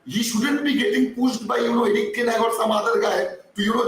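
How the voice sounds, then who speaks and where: A high-pitched man hosts a live stream, his voice hoarse and strained. He rambles casually with lots of fillers and restarts as he answers viewers. He sits well back from the mic in a very echoey room with faint background hiss. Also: steady tone, a little fast, hardly any pauses, a bit bright, distant mic. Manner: chatty, reads viewer comments, many fillers and restarts. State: strained, croaking voice.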